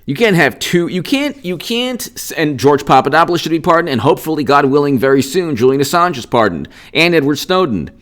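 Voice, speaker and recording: A man's voice: a little high, very animated, a little fast, few pauses, a bit bright. A man giving unscripted political commentary in a combative, indignant and sarcastic rant.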